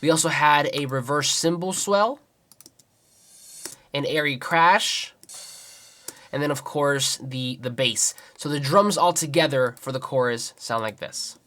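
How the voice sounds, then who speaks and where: A man's voice: on the high side, measured pace, fairly bright tone. A young man producing music, casually walking through his beat and counting the rhythm aloud as he explains each layer. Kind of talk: tutorial walkthrough. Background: beat playback music.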